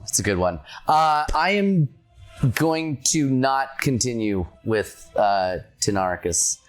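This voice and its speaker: A woman's voice: very deep voice, animated, slow, soft background music. A woman playing a tabletop game, joking and stammering through casual chat. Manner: jokey, stammers with repeats. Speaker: player.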